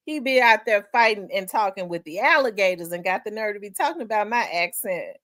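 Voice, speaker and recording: A woman with a Memphis Southern accent, hosting a livestream in casual chat, rambling and repeating herself and quick to laugh while she reads viewer comments. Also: medium pitch, big pitch swings, bright, forceful tone, no room sound, clean studio sound. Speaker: livestream host.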